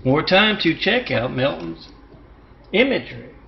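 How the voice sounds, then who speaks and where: Gravelly man rambling on a muffled recording. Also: fairly high pitch, big pitch swings. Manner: rambling, disjointed, halting with fillers. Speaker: self-promoting monologuist. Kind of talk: rambling self-promotional monologue. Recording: muffled lo-fi recording with faint hiss.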